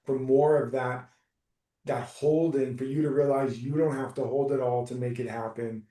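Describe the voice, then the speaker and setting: A man coaching someone through a live session, talking in a soft, reassuring, unhurried way. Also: medium pitch, flat delivery. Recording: roomy, distant from the mic.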